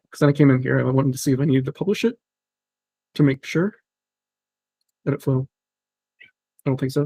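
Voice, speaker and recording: A man casually commenting on a live stream as he works through software, muttering to himself in a wry, self-mocking way. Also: medium pitch, gravelly, breathy edge, no room sound.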